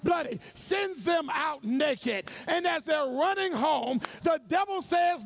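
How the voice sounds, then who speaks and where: High-voiced pastor preaching call-and-response. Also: male voice, lively intonation, slow pace, gravelly, hardly any pauses. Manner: call-and-response, colloquial, swings from hushed asides to shouting. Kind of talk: sermon.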